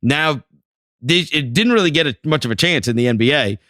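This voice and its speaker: A man's voice: a little high, animated, a little fast, sharp tone, no room sound, clean studio sound. A man co-hosting a casual basketball podcast, eagerly telling a story and piling on details. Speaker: podcast co-host. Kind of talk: casual sports chat.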